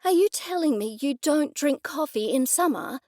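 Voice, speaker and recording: A woman's voice: high-pitched, expressive, normal speed, darkish tone, dry recording, studio quality, voice pushed up. A woman narrator voicing an indignant middle-aged woman amateur sleuth who answers in a defensive, snappish way.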